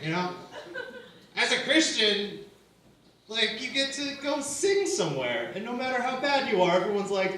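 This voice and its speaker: Bright-voiced man doing stand-up in an echoey room. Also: high-pitched, very animated, moderate pace, recorded from a distance. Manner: conversational, self-mocking, lots of "like" and "you know". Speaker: stand-up comedian. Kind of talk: stand-up comedy set. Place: small comedy venue with live audience.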